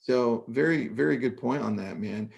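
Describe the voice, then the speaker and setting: A man co-hosting a casual real estate panel chat, telling stories in a lively, animated way with quick asides. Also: mid-range voice, creaky. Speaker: podcast co-host.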